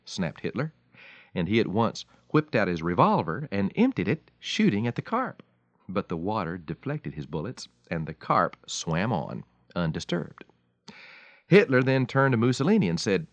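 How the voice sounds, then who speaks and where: A male radio preacher tells his story in a folksy, emphatic manner. His low voice rises and falls in lively swings. The recording is dry and dull, like an old lo-fi radio broadcast. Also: moderate pace, no echo. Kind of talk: radio devotional talk.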